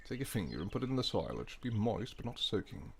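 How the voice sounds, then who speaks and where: Gravelly low-voiced man streaming. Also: big pitch swings, quick pace, slight background noise. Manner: mumbling, thinking aloud, often trailing off quietly. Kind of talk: casual live-stream chat.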